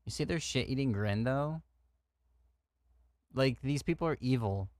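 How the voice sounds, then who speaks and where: A man's voice: mid-range voice, animated, unhurried, a little mellow, dry recording. An American man reacting to news clips on a stream, blunt and heated, cursing freely and laughing between rants. His voice is recorded close and dry, with no room sound. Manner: outspoken, swearing, laughs often, heated rants. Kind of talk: casual reaction commentary.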